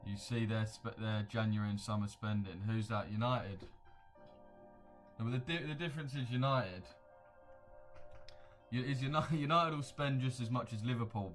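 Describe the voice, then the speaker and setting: Slangy young man, low voice. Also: a bit bright. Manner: slangy, blunt, opinionated banter. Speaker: livestream host. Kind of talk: casual livestream chat reacting to viewer comments.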